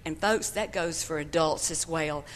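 An older woman shares a personal story from the front of a church, speaking slowly and earnestly with folksy turns of phrase. Her voice sits a touch low and rings with the long reverb of the sanctuary. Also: a little hiss or hum. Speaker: church member giving testimony.

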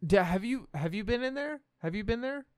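Brisk and animated, this young Midwestern podcast host spins a rambling, cocky, swear-filled story. His high-pitched voice is smooth, and the recording is dry and of studio quality.

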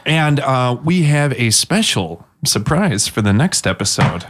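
A man's voice: medium pitch, big pitch swings, measured pace, a bit bright. A man co-hosting a podcast in casual, jokey chat, rambling and restarting his sentences. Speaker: podcast co-host.

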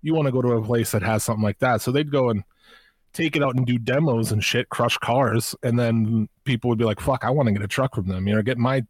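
A man chats through a watch-along in an easygoing, profane way, laughing as he explains. His voice sits at an ordinary pitch, with a close, dry recording. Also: fast, no echo. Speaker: co-host of a watch-along show. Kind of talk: casual chat.

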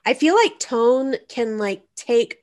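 A woman's voice: on the high side, animated, slow, a little mellow. A woman co-hosting a casual comedy advice podcast, chatty and loose, often saying "like" and swearing offhandedly. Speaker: podcast co-host.

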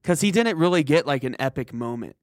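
A man's voice: a little high, lively intonation, fairly quick, no echo, clean studio sound. A man co-hosting a podcast, chatting casually about a video game, rambling and restarting his sentences. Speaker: podcast co-host.

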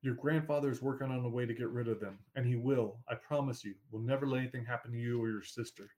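A man voicing a kindly old grandmother who speaks gently and soothingly in a storybook. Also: mid-range voice, steady tone, quick pace, lightly acted. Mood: apologetic.

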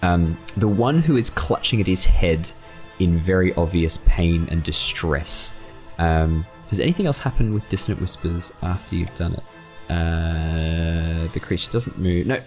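Deep-voiced man running a tabletop game. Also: normal speed, darkish tone, soft background music. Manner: loose, rambling rulings with fillers. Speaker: game master.

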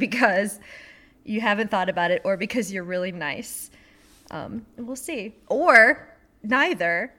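Bright-voiced woman, rambling chat. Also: on the low side. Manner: rambling, self-correcting, laughing often. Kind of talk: casual literary discussion.

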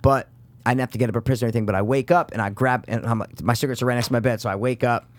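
A man's voice: mid-range voice, fairly even intonation, racing. A man in casual chat, telling rambling stories full of fillers and swearing.

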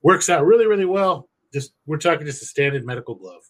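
A man's voice: on the high side, expressive, fast talker. A man co-hosting a casual podcast, talking crudely and jokingly while he explains how to make wine and beer at home. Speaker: podcast co-host.

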